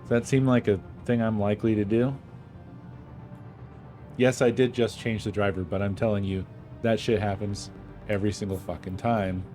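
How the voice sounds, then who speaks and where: A man's voice: lowish voice, steady tone, normal speed, long pauses, mellow, soft background music. A man streaming a game, venting in a casual, frustrated way and swearing often; he says he is not feeling well. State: feeling unwell. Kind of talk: casual gaming stream chat.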